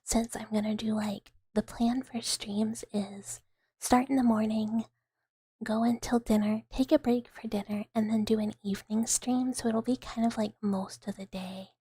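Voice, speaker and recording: A woman from the American South, chatting in a whispered ASMR live stream. She whispers softly and rambles, with many fillers. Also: fairly high pitch, fairly even intonation, normal speed, husky, no room sound. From Southern United States.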